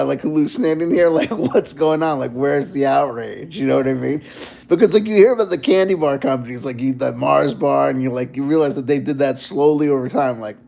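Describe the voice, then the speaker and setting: Gravelly rambling man vlogging. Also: mid-range voice. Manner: rambling and animated, full of fillers. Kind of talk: casual chat.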